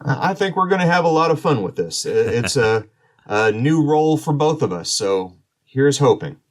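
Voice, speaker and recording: A man hosting a role-playing podcast, narrating as game master with frequent filler pauses. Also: mid-range voice, very animated.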